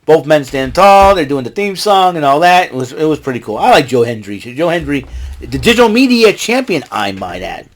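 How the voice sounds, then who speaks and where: Speaking briskly with big swings in pitch, this fairly high-voiced man runs a laid-back wrestling recap podcast. His recap wanders, and he shifts into louder voices to imitate the people he quotes.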